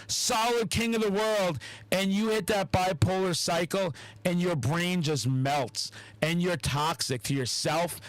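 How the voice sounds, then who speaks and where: A man's voice: high voice, no echo, poor audio. A man hosting a podcast, chatting casually with lots of swearing and acted-out quotes. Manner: animated, heavy swearing, acts out quotes. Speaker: podcast host.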